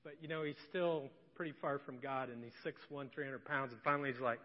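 A middle-aged man preaching as a pastor, conversational and joking, moving between loud emphasis and soft emotional storytelling. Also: medium pitch, steady tone, a little fast. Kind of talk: sermon with personal story. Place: church sanctuary. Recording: distant echoey hall, dull sound.

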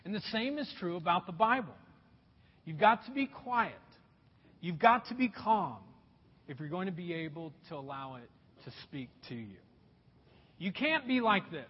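Brief: animated male pastor addressing folks, high, lively delivery, long hall reverb. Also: normal speed, long pauses, husky. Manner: animated, addresses listeners as folks, asks rhetorical questions. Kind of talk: sermon. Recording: echoey hall, dull lo-fi sound.

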